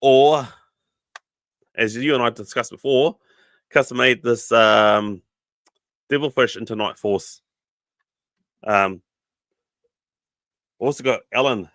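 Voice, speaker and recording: A man's voice: mid-range voice, slow pace, pauses often, a bit bright, no echo. A man with a New Zealand accent talks casually to his livestream audience, drifting between thoughts with plenty of ums. His throat is sore and keeps catching. The sound is dry and close. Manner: rambling, full of ums, chummy with viewers. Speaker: podcast host.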